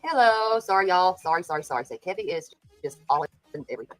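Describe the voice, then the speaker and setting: A woman's voice: on the low side, expressive, quick pace, no room sound, faint music behind, rough recording. A woman hosting a casual livestream, greeting viewers by name and speaking bluntly and indignantly. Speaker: host of a livestream commentary show.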